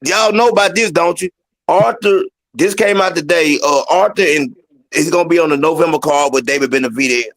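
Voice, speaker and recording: Chill guy hosting sports talk, kinda high voice, dry mic. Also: fairly quick, a bit bright, no echo. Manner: laid-back, jokey, apologetic.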